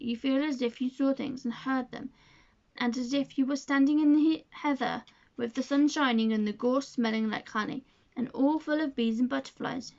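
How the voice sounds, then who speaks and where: A woman's voice: high voice, darkish tone, no echo. A woman doing a wilful, earnest young girl. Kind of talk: storybook reading. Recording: dull lo-fi sound.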